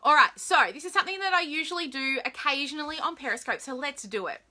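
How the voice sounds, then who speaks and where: A woman's voice: high-pitched, expressive, fast, pushed and bright. An Australian woman hosting a live stream, chatting casually and greeting viewers by name in a bubbly way.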